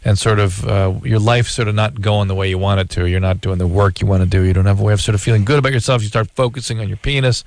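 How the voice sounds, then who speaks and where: A man hosting a call-in advice radio show as the doctor, explaining calmly and laughing now and then. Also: on the low side, fast, hardly any pauses, no echo. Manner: calm, explanatory, laughs often.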